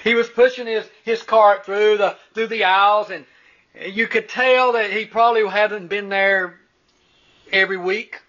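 An older male preacher delivers a sermon in a high, bright voice, earnest and full of halting restarts. He builds to emphatic peaks before settling back down. The recording is dull and lo-fi. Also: steady tone.

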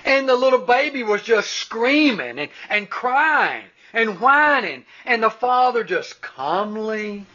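A man's voice: very high voice, big pitch swings, slow, hardly any pauses, pushed and bright. An older man preaching a sermon, earnest, with stumbling restarts and emphatic peaks. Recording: dull lo-fi recording.

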